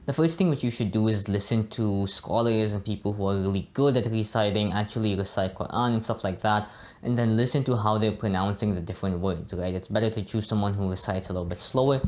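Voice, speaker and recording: This is a casual, relaxed Arabic pronunciation lesson from a young man whose voice sits on the lower side and moves at a brisk clip. Throughout the monologue he tends to add "right?" and "you know" to what he says.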